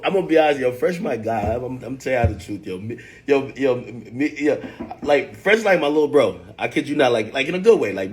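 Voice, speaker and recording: A man hosting a livestream, telling stories in animated casual chat, with a husky voice and sudden loud outbursts. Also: mid-range voice, slight background noise. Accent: New York. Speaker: livestream host.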